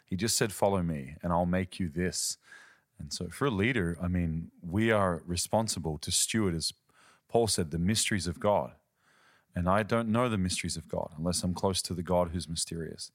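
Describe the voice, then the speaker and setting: A man's voice: deep voice, a little fast, husky, no echo, studio quality. A man, a ministry leader and podcast guest, teaching earnestly in conversation and telling stories. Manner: earnest, storytelling, uses quoted voices.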